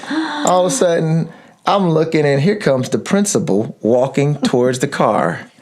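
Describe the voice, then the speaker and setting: A man's voice: a little high, measured pace. A man in his fifties, a father and podcast co-host, telling a family anecdote in casual chat and acting out the voices in it. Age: 50s. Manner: animated storyteller, acts out voices in his anecdote. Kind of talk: casual storytelling.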